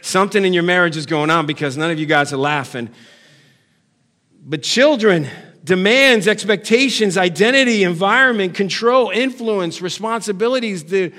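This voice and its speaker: A man preaching a sermon, firing rhetorical questions at the congregation and swinging from loud calls to quiet, low asides, now and then putting on nagging family voices for laughs. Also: moderate pace. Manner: puts on nagging family voices for comic effect. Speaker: pastor.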